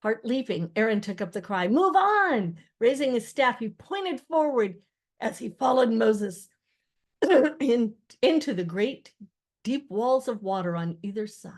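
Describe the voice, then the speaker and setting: A woman's voice: a little high, unhurried. Older woman reading a novel aloud. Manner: expressive reading that rises for quoted shouts. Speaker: audiobook reader. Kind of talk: scripted narration of a novel.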